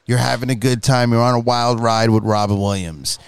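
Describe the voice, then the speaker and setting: A man co-hosting a casual movie podcast, animated and joking, laughing often. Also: mid-range voice, brisk, vocal fry, clear, resonant tone, no room sound. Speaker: podcast co-host. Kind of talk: casual movie review chat.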